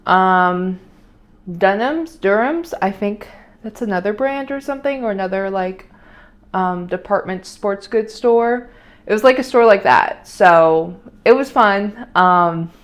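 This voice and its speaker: A young adult woman vlogging in casual chat, rambling and opinionated, with many fillers and restarts. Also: mid-range voice.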